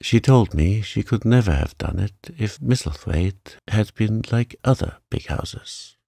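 A man's voice: on the low side, lively intonation, measured pace, vocal fry, dark tone, breathy edge, no room sound, clean studio sound, exaggerated voice. A man voicing a cheerful, talkative young housemaid with a broad Yorkshire accent, plain-spoken and unbothered. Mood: chatty.

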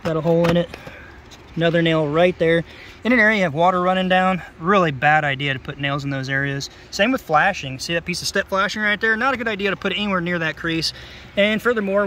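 A roofer walks across a roof outdoors, explaining in a folksy, plainspoken way what's wrong with it. His voice is high-pitched and a bit bright, with a little hiss or hum in the recording.

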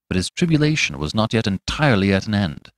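Low-voiced man narrating a classic tale. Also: fast, no echo, clean studio sound. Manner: expressive storytelling. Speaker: podcast host and audiobook narrator.

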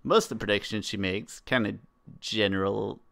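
A young man co-hosting a podcast, giving rambling, opinionated takes that often trail off quietly. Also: fairly low pitch, steady tone, moderate pace, creaky. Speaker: podcast co-host. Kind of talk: casual podcast chat.

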